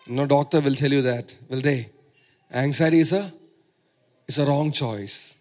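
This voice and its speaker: A man's voice: medium pitch, a little slow. A man preaching a sermon, emphatic and repeating phrases for stress.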